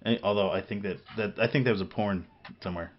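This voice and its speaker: Rambling low-voiced man, lo-fi podcast audio. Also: fast talker. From Missouri. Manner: rambling, many restarts and fillers, laughs often. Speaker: podcast co-host. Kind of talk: casual gaming chat.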